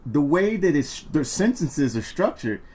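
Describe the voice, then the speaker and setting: A man's voice: a little high, big pitch swings, measured pace, a little mellow. A man co-hosting a podcast in casual chat, playful and teasing. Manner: playful, teasing, jokes in mock French. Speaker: podcast co-host.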